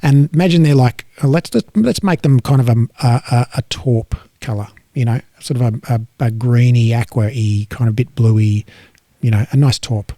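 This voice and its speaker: A man's voice: medium pitch, moderate pace, dark tone, no echo. A man with an Australian accent explaining muscle science in casual chat, rambling with many fillers and restarts. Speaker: educator.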